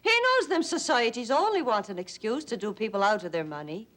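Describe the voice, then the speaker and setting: A fretful wife. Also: female voice, a little high, lively intonation, fairly quick, a bit bright. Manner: coaxing, fretful. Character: anxious long-suffering wife of a drunk. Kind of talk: stage play acting.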